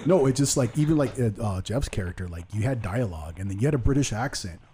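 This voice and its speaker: A man's voice: medium pitch, animated, quick pace, a crowd in the background. A man hosting a podcast in casual chat, rambling and joking at his own expense. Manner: rambling, jokey, self-deprecating. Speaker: podcast host.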